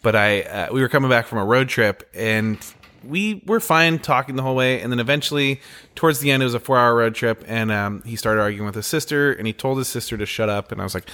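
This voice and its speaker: A man's voice: mid-range voice, expressive, a little fast, bright, forceful tone. A man in his forties co-hosting a podcast, telling family stories in a candid, rambling way. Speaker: podcast co-host. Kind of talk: casual storytelling chat.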